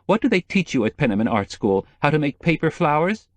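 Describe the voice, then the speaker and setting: A man voicing a moody, sharp-tongued woman in an audiobook, curt and disdainful. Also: on the high side, big pitch swings, a little fast, no echo, voice pushed up. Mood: cutting.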